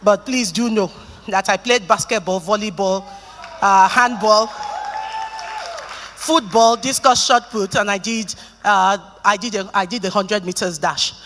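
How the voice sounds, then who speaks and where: A woman's voice: mid-range voice, unhurried, some chatter behind, a little hiss or hum. A middle-aged Nigerian woman giving a keynote talk, telling stories and joking with the audience. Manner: lively storytelling, joking with the audience. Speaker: conference speaker. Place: conference hall. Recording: reverberant conference hall.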